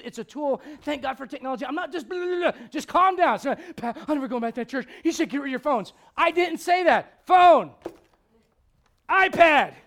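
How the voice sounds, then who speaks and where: A male pastor preaching a blunt, confrontational sermon, swinging from loud outbursts to hushed intensity. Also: extremely high pitch.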